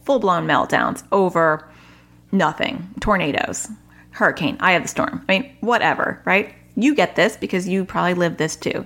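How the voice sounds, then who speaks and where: A woman in her thirties casually telling a parenting story to her audience, acting out her children's lines and laughing often. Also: on the low side. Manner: animated, acts out her kids' voices, laughs often. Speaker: parenting vlogger.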